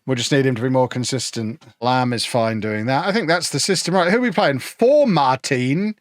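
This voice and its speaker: A man's voice: medium pitch, moderate pace, no echo, studio quality. A man from England, chatting casually and joking with his chat while streaming a football management game. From Peterborough, England.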